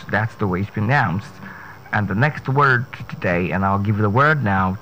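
A man's voice: fairly low pitch, normal speed, a bit bright. A man, a speech coach giving an emphatic pronunciation lesson, repeating and spelling out words. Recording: dull lo-fi sound with faint noise.

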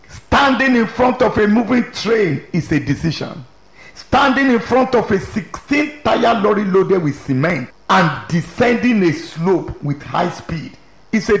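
A man's voice: high voice, gravelly. A man preaching a sermon, emphatic and repetitive, driving his points home through storytelling. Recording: echoey hall.

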